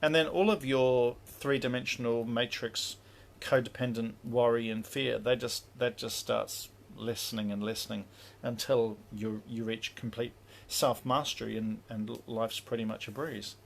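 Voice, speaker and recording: A man's voice: mid-range voice, fairly even intonation, measured pace, creaky. A man teaching spiritual practice in a casual livestream, rambling with many fillers and acting out inner dialogues.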